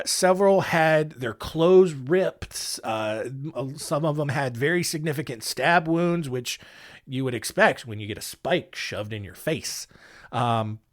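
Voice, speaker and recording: Animated, jokey male podcast host. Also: a little high. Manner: jokey, animated, lots of fillers. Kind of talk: casual history storytelling.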